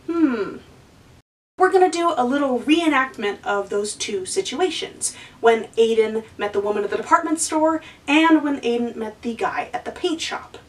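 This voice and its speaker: A woman's voice: fairly high pitch, expressive, moderate pace, distant mic, low-quality recording. A woman hosting a lesson for kids, encouraging and asking the viewer questions. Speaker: children's educator and host.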